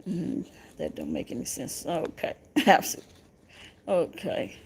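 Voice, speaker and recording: A woman's voice: on the low side, huge pitch swings, moderate pace, creaky, a little mellow, husky. A Southern American woman hosting a casual livestream, laughing often and teasing her viewers as she reads their comments. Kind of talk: casual live chat.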